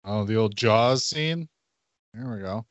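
A man in a casual movie commentary, calmly pointing out what happens on screen. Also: lowish voice, unhurried, dry recording. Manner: laid-back, narrating what's on screen. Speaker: podcast co-host. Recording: dull lo-fi dry recording.

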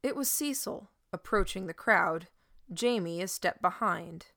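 A woman's voice: on the low side, lively intonation, measured pace, creaky, sharp tone, dry recording. Woman narrating a story, dry close sound. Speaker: audiobook narrator. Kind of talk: first-person story narration.

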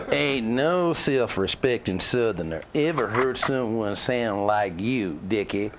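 A man's voice: on the low side, animated, takes it slowly, background noise, pitched below the performer's own voice. A man putting on a Southern drawl, playing a mock-stern Southerner who teases someone's fake accent.

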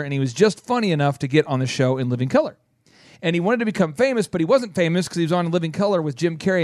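High-voiced, lively radio host. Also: male voice, no room sound, studio quality. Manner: energetic storyteller who acts out quotes in quick bursts. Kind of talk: animated storytelling on a business radio show.

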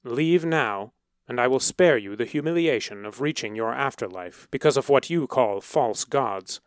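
A grave, unhurried shaman who speaks quietly with calm command, as a male narrator plays him. The voice sits close in a dry, intimate storybook reading. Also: medium pitch, clean tone, dry recording, lightly acted.

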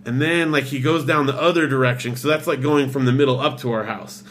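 A man's voice: medium pitch, fairly bright tone, slight background noise. A man in casual chat, animatedly retelling a story and acting out the voices of the people in it, with lots of "like" fillers. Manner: fast, filler-heavy with "like".

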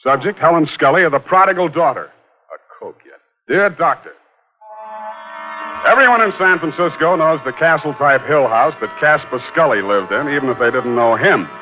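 A man's voice: a little high, expressive, normal speed, close to an everyday voice. An actor playing a cynical male private detective, narrating in first person with dry, sardonic wit in 1940s radio acting. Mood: wry. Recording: muffled 1940s radio broadcast with music.

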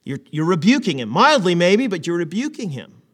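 A man preaches in a lively, conversational way, throwing out rhetorical questions. His voice sits a little high. A long hall reverb trails behind every word. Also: normal speed. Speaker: pastor. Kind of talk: sermon.

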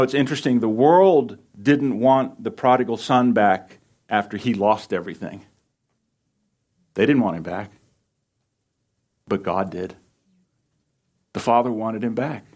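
A man's voice: medium pitch, unhurried, long pauses, darkish tone, breathy edge. Earnest man preaching a sermon. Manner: earnest and pleading. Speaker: pastor.

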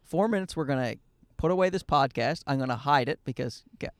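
A man's voice: mid-range voice, lively intonation, fairly quick, no echo. A man in his thirties hosting a podcast in casual chat from a parked car, rambling, joking and losing his train of thought. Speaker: podcast host. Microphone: handheld mic into a portable recorder.

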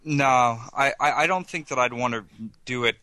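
This is a man with a bright, forward voice, talking through tabletop game rules on a podcast. The recording is close and dry with no room to it, and he keeps a chatty, amused tone. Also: medium pitch, moderate pace, no echo, rough recording. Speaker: podcast co-host presenting a segment. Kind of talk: casual tabletop gaming discussion.

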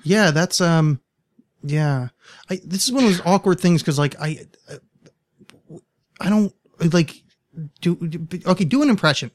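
A man hosting a podcast in casual chat, self-deprecating, with lots of stumbling restarts and quick laughs. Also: fairly high pitch. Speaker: podcast host.

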